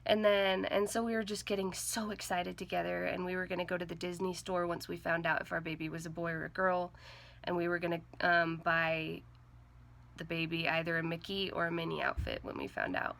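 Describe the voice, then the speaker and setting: A young woman vlogger telling a personal story to the camera in an earnest, halting way, with many "like"s and "um"s. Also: lowish voice, steady tone, vocal fry, a bit bright. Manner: earnest, halting, heavy with fillers like "like" and "um".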